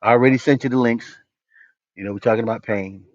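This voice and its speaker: A man's voice: mid-range voice, fairly even intonation, fast, darkish tone, dry recording. A man hosting a livestream, chatting casually and joking with his viewers in a loose, rambling way. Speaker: livestream host. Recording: dull, dry lo-fi stream audio.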